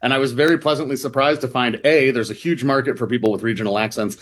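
Male reporter, mid-pitched voice, casual explainer, frequent ums and restarts, playful mimicry. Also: steady tone, quick pace. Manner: rambling with many fillers and restarts. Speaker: reporter guest.

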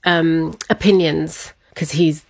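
A woman telling a personal story in conversation, animated and quick to laugh, often acting out what her family said. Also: low voice, gravelly, no room sound. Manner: lively, laughs often, acts out family quotes. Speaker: guest.

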